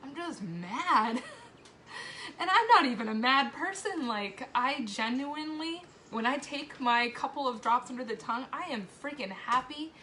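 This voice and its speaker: Tearful mom on a live video, bright higher voice, candid and swearing, faint noise behind. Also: female voice, lively intonation, moderate pace. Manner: candid and emotional, swearing, frequent laughs. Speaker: mother sharing a personal testimonial. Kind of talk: emotional live video confession.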